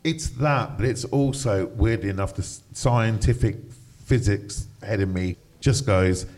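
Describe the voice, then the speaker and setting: A man's voice: lowish voice, a little slow, a little mellow. A middle-aged man, a broadcaster and DJ, speaking passionately in a conversational interview, acting out other people's voices when he quotes them. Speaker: radio DJ and broadcaster, interview guest.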